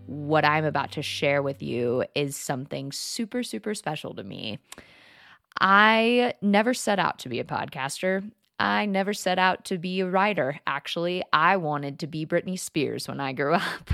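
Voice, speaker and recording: A woman's voice: sits low, lively intonation, normal speed, gravelly, fairly bright tone, no room sound. A woman in her late twenties hosting her own podcast, talking casually in a chatty, giggly, self-deprecating way into a close mic. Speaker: podcast host. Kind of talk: casual solo podcast monologue.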